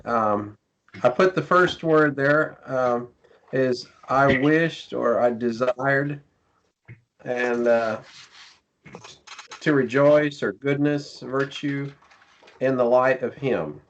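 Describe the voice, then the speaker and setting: A male student answers his teacher slowly and hesitantly, pausing with ums as he works through his reading. The sound is muffled and lo-fi. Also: mid-range voice, a bit bright. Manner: hesitant, reads slowly with fillers. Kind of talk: answering in class. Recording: muffled lo-fi class recording.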